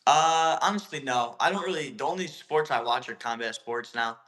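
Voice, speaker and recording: A man's voice: medium pitch, normal speed, bright, forceful tone. A young man, a kickboxer guest, answering interview questions briefly and confidently. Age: young adult.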